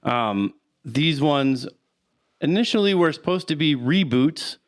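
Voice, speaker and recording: A man co-hosting a casual podcast, explaining things patiently with halting restarts. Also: fairly high pitch, expressive. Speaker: podcast co-host. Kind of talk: casual chat.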